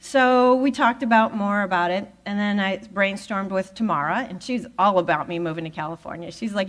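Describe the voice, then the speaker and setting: A woman giving a talk at a spiritual center, telling a personal story with lively acted-out dialogue. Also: medium pitch, brisk, few pauses. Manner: animated storyteller who acts out quoted voices. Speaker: guest speaker at a spiritual center.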